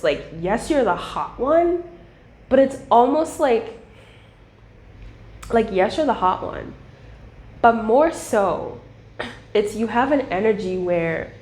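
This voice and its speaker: A woman giving a casual tarot reading, chatty and animated, swearing and laughing as she talks. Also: high-pitched, reverberant. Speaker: tarot reader.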